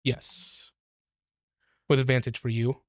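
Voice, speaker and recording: A man runs a tabletop game as game master and narrates at an unhurried, halting pace. His voice sits in a middle pitch. The sound is dry and close. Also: no room sound. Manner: relaxed, halting, with fillers.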